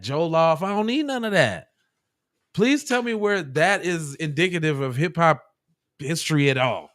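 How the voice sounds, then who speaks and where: A man hosting a podcast, reacting to clips in loud, mocking casual commentary full of swearing. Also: on the high side, lively intonation, takes it slowly, pauses often.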